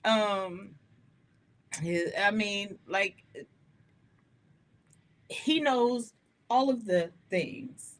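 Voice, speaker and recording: Animated, laughing woman hosting gospel radio. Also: mid-range voice, extremely slow, pauses often. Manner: animated, laughing often, chatty and candid. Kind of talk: live-streamed radio talk, testimony.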